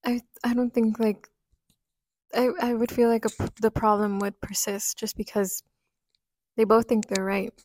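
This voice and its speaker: A woman's voice: fairly high pitch, little pitch movement, moderate pace, darkish tone. A young adult woman co-hosting a podcast in casual chat, thoughtful and hedging with lots of likes. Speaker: podcast co-host.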